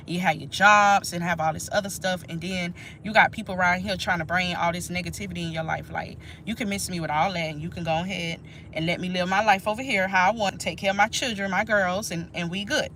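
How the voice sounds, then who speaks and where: A woman's voice: lowish voice, brisk, pushed and bright, slight background noise. A woman, chatting casually and emphatically to her viewers during a live stream. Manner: chatty, emphatic, talks straight to viewers as "y'all". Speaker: nurse and channel host.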